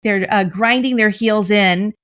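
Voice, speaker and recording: A woman's voice: medium pitch, a little slow, a bit bright. Woman podcast co-host, chatty. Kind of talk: podcast conversation.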